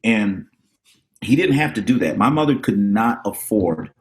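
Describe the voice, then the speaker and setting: A middle-aged man, a drummer and educator, telling animated stories about his mentors as a podcast guest and acting out the voices of the people he quotes. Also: lowish voice, measured pace. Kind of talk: casual storytelling interview.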